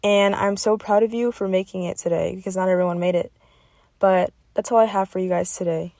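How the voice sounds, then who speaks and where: A woman's voice: mid-range voice, steady tone, a little fast, dark tone, dry recording. Encouraging woman podcast host, dry sound. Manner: encouraging, repeats "okay?" often. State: getting emotional. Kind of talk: motivational podcast talk.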